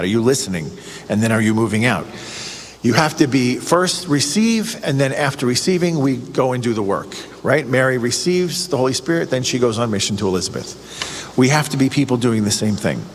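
A man preaching a sermon in an earnest way, asking the listener questions and growing excited. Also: mid-range voice. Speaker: priest or preacher on a radio show. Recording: long reverb, faint ambient noise.

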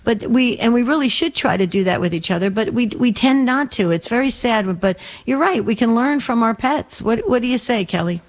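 A woman's voice: a little high, animated, fairly quick, few pauses. A woman co-hosting a call-in radio show who speaks with empathy and thought, often repeating words as she talks. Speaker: radio co-host.

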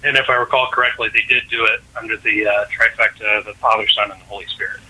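A man's voice: fairly low pitch, steady tone, fast talker, sharp tone, slightly rough, poor audio. A young man calling in to a radio show, joking a little as he rambles through his question. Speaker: caller. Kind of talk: phone-in question.

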